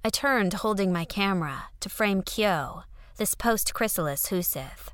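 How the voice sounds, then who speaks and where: A woman's voice: mid-range voice, lively intonation, measured pace, a bit bright, dry recording, studio quality. A woman narrating an audio fiction story in a conversational first-person letter style.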